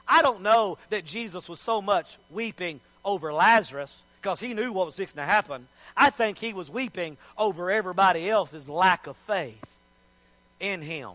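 A man's voice: high voice, normal speed, bright, forceful tone, no room sound. A man preaching a sermon, telling the story in a folksy, joking way.

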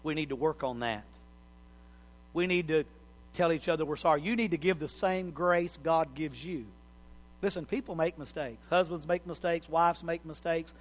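A man's voice: a little high, moderate pace. A middle-aged man preaching a sermon in a folksy, joking, plain-spoken way. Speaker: pastor. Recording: hall reverb.

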